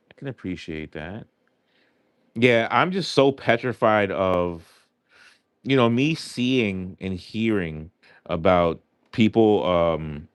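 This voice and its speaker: Streamer, male, low voice, dry close sound, rambling heartfelt chat. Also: clear, resonant tone, no echo. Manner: rambling, heartfelt, filler-heavy. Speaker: live stream host. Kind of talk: casual chat while scratching lottery tickets.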